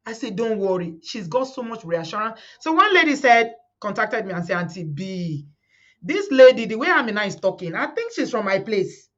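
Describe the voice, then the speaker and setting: A woman's voice: mid-range voice, sing-song, moderate pace, dull audio. A middle-aged Nigerian woman hosting a live stream, talking fervently to her viewers, repeating words and quoting the people she speaks about. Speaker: host of a live community stream.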